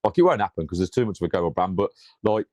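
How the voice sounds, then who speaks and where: A low-voiced man chats about football on a podcast, loose and sweary, stumbling over repeated words in his excitement. The sound is dry and close. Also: fast, dry recording. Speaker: podcast co-host. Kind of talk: casual football chat.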